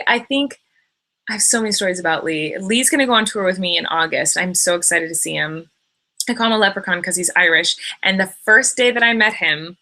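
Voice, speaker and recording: A woman's voice: on the low side, pushed and bright. A young woman hosting a late-night live stream, chatting casually and gushing about friends, with lots of fillers and quoted voices. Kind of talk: casual chat. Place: indoors at home, late at night.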